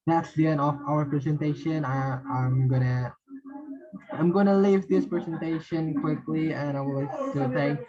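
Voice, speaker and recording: A man teaching English pronunciation, reading word lists one by one and explaining with halting, repeated phrases and fillers. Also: on the high side. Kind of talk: slow word-list drill and explanation. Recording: dull lo-fi voice recording.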